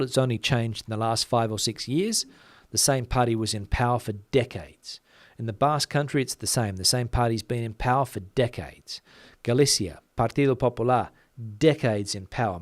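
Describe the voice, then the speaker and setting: A man's voice: medium pitch, no room sound. Chatty Australian man reading comments. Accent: Australian, softened. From Western Australia. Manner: chatty, many fillers, talks fast. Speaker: channel host. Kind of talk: casual livestream chat reading comments.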